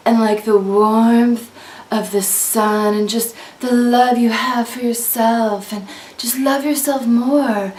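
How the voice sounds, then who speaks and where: A woman voicing a dreamy, laid-back hippie who talks slowly about love and chakras. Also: a little high, echoey room, recorded from a distance. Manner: slow, spacey, fading soft.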